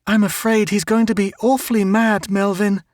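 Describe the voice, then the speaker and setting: A man doing a high-voiced emotional young girl. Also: flat delivery, normal speed, no room sound, studio quality, natural voice. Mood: earnest. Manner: breathless and high-pitched.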